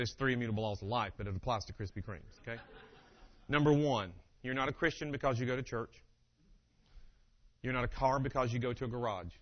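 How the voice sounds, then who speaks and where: A man giving a humorous motivational keynote, telling family stories in an animated way and acting out the dialogue. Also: medium pitch. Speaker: keynote speaker. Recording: dull lo-fi live recording.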